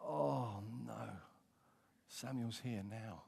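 British pastor guy preaching, super lively pitch, big hall echo, dramatic. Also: takes it slowly, gravelly, breathy edge. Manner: expressive, dramatic, swings from hushed to emphatic. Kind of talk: sermon. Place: church. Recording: long reverb of a church hall.

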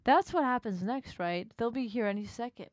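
A woman voicing a sinister sea monster in a game, reading its lines with a slow, gloating, mocking delivery. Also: a little high, animated, no room sound, close to an everyday voice. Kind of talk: reading a game's dialogue aloud.

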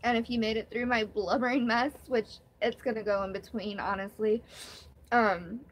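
Young female vlogger, somewhat high voice, rambling and candid, live-stream chat. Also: steady tone, normal speed. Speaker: vlogger hosting her first live stream.

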